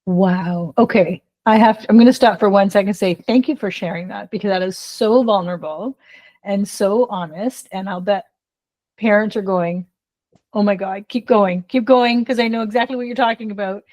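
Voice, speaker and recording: A woman's voice: mid-range voice, moderate pace. A woman hosting an interview, affirming and encouraging her guest. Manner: affirming, warm listener. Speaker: host.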